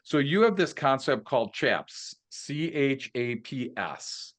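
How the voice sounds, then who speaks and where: A man's voice: medium pitch, lively intonation, slow. A man hosting a podcast, enthusiastic and affirming, using lots of fillers as he moves the conversation along. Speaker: podcast host. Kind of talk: podcast interview.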